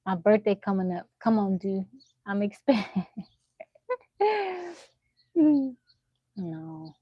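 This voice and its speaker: A young woman live-streams on her phone, chatting and spinning animated stories for her viewers. The sound is dry and close with a slightly dull, muffled top end. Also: medium pitch, slow, husky, no echo. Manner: animated storytelling, laughing often, talking to chat. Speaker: livestreamer. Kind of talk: casual live-stream chat.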